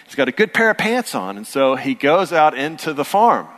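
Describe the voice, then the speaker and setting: A man's voice: on the high side, very animated, normal speed, a bit bright. A man in his thirties, a pastor preaching a sermon in a conversational, storytelling way that builds to earnest emphasis. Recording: long hall reverb.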